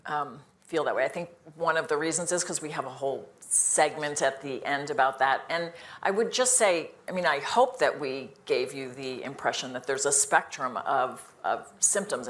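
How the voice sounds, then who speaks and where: A woman's voice: very deep voice, moderate pace, few pauses, a bit bright, a little hiss or hum. An older woman, an internist, speaking earnestly on a live panel, emphatic and full of restarts.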